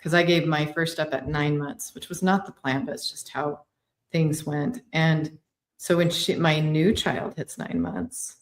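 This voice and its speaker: A woman's voice: sits low, lively intonation, a little slow. A woman hosting a podcast interview, sharing her own experience in an empathetic, reflective way. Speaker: podcast host. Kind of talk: conversational interview.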